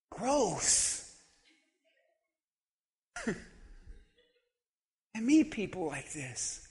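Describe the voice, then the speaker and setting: A male pastor delivers an animated, humorous sermon, swinging from shouts to quiet talk. His voice is very high and bright, his delivery unhurried. The long reverb of a large hall carries every word.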